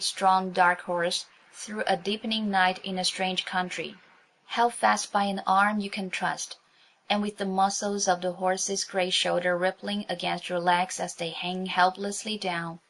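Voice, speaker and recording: A woman reads a children's story aloud in a clear, even narrating voice. Her pitch sits in a comfortable middle range. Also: moderate pace. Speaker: audiobook narrator.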